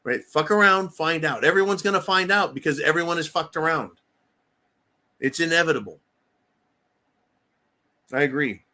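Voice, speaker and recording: A man's voice: fairly high pitch, moderate pace, long pauses, sharp tone. A middle-aged man hosting a live stream, reading viewer comments and answering them in a profane, emphatic rant.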